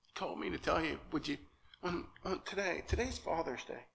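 Nervous man preaching, bright voice. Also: on the high side, gravelly, slight background noise. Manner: earnest and halting, often asks "okay?". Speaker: lay speaker at church. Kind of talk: sermon. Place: church sanctuary.

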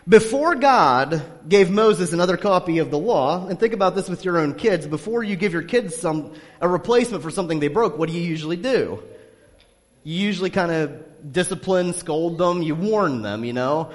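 Brief: conversational male pastor, slightly higher voice, storytelling sermon, long hall reverb. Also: normal speed. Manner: conversational, animated storytelling with many fillers.

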